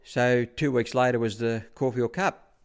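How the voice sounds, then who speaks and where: A man's voice: medium pitch, steady tone, measured pace, gravelly, clear, resonant tone. A man with an Australian accent recalls his time as a track rider in a casual, rambling way. He keeps repeating "he said" and "I said" as he tells his stories. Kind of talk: casual anecdotal storytelling.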